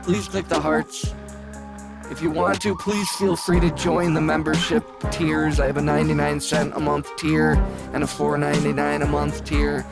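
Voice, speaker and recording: A laid-back man chats through a late-night music livestream, his fairly high voice carrying a gravelly edge. He rambles, jokes and reads the chat aloud. Music plays clearly behind him. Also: level tone, moderate pace. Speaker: livestream host and music producer. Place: home studio. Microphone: studio microphone. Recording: music playing under the voice. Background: music playing.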